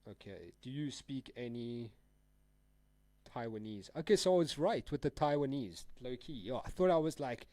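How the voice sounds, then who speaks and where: This trading livestreamer, a young South African man, has a medium-pitched, mellow voice and speaks expressively at normal speed. He chats casually, rambling in slang with a relaxed air and frequent laughs, in a dry recording.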